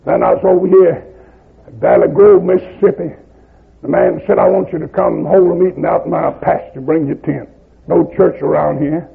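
An older man with a Southern American accent preaching a revival sermon, telling stories in a rhythmic cadence that climbs to shouts. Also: a little high, moderate pace. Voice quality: gravelly, husky voice. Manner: rhythmic, rising to shouts at climaxes. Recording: lo-fi phone-like old tape.

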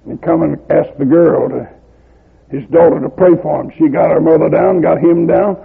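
An older man with a Southern American accent preaching a revival sermon, telling stories in a rhythmic cadence that climbs to shouts. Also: fairly high pitch, fairly even intonation, normal speed. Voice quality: gravelly, husky voice. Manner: rhythmic, rising to shouts at climaxes. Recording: lo-fi phone-like old tape.

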